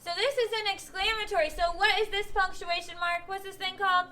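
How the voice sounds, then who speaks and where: A woman's voice: very high-pitched, fairly even intonation, fairly quick, pushed and bright. A woman teaching young pupils in a classroom, patiently asking questions and acting out example sentences. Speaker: elementary school teacher. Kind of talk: classroom instruction.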